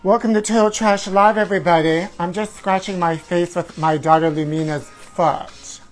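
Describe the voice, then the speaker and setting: A man's voice: sits high, fairly even intonation, moderate pace, faint music behind, close to an everyday voice. A man playing a self-absorbed woman hosting a trashy tabloid talk show, drawling honey at everyone and breaking into whooping shrieks. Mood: campy gossip. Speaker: host. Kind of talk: campy comedic live-stream character.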